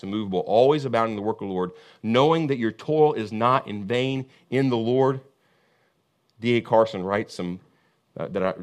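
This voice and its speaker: A man preaching a sermon as pastor, with an impassioned, repetitive cadence that swings from booming emphasis to hushed intensity.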